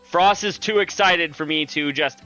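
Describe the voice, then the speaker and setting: A man's voice: a little high, normal speed, sharp tone, soft background music. A man streaming a video game, chatting casually and jokingly with his viewers. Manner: laid-back, joking, talks to chat. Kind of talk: casual live-stream chat.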